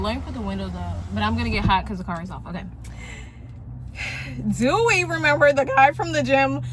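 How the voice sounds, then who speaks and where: A woman's voice: on the high side, fairly bright tone, a little hiss or hum. Chatty woman vlogging from her car. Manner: chatty, rambling storyteller who addresses viewers directly. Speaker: vlogger, single mom. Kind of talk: casual chat to viewers. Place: parked car.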